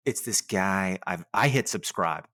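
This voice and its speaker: A man in his forties co-hosting a podcast, telling family stories in a chatty, animated way with quick asides. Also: sits low, no echo. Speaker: podcast co-host. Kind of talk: casual chat.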